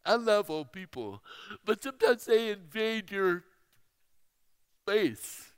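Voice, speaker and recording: A man preaching a sermon, telling a personal story slowly and with emphasis. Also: high voice, big pitch swings, clear, resonant tone. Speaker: speaker. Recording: reverberant hall.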